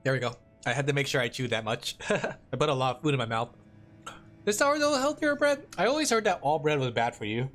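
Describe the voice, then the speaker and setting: A woman's voice: rumbling low, a little fast. Woman streamer rambling casually, voice jumps all over, faint music behind. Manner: chatty and rambling, with many fillers; excitable, breaks into laughs and shouts. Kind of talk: casual live-stream chat.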